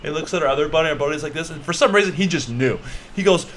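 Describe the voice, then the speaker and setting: A man's voice: on the high side, rapid-fire, heavy background noise. A young man vlogging to camera, telling a story in a loose, rambling way full of fillers and acting the scene out. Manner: animated, acts scenes out with gestures and repeats.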